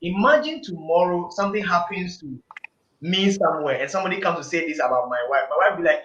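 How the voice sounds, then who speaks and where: A man's voice: sits high, animated, normal speed, sharp tone. A man, a panel guest in a casual group discussion, talking emphatically and preachily and repeating phrases for emphasis. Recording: echoey room, dull lo-fi sound.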